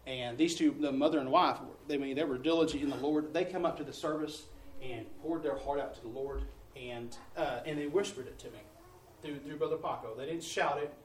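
A man's voice: on the high side, brisk, hardly any pauses, slight background noise. A man, a missionary preacher telling testimonies in a folksy sermon style, acting out the dialogue. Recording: echoey room, distant mic, faint ambience.

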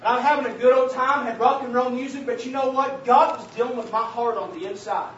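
A man preaching a sermon and sharing his testimony, calling out to the congregation as saints of God and building to emphatic shouts. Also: very high-pitched, fairly quick. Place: church hall. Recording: very echoey, distant, dull church recording with faint hiss.

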